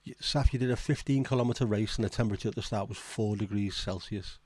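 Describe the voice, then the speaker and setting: A man's voice: on the low side, quick pace, darkish tone, dry recording. A man hosting a casual livestream, reading out viewer comments and reacting with blunt, swearing disbelief. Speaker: livestream host.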